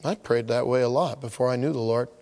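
A man's voice: medium pitch, quick pace, long reverb tail. A man preaching a sermon, acting out the voices of people who complain about their troubles. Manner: animated, acts out voices of complainers. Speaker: pastor.

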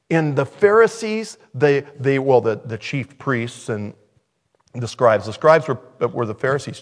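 Man, preacher, sermon, animated delivery, loud-to-quiet swings, mid pitch.

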